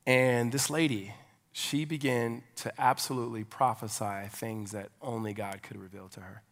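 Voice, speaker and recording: A man's voice: mid-range voice, steady tone, normal speed. A man in his thirties preaching a sermon as a pastor, telling personal stories in a loose, conversational way with many fillers. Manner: conversational storyteller, filler-heavy, with rising preaching fervor. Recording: long reverb of a large hall.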